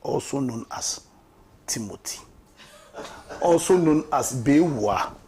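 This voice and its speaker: A man's voice: medium pitch, lively intonation, slow, a little mellow. A man with a Ghanaian accent giving impassioned, mocking political commentary on a talk show, often repeating words for emphasis. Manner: impassioned, mocking, repeats words and laughs at his own jabs.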